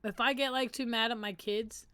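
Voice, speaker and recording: A woman's voice: fairly high pitch, steady tone, moderate pace, bright, forceful tone, clean tone, no room sound. A woman hosting a casual stream, reading statements aloud and reacting candidly and emotionally. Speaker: streamer host. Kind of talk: casual reflective stream chat.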